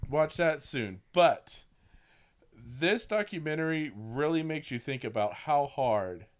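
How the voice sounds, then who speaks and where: A man's voice: on the high side, lively intonation, slow. A man hosting a podcast, chatting casually and rambling a little as he corrects himself. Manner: rambling, with fillers and self-corrections. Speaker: podcast host. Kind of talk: casual chat about a documentary.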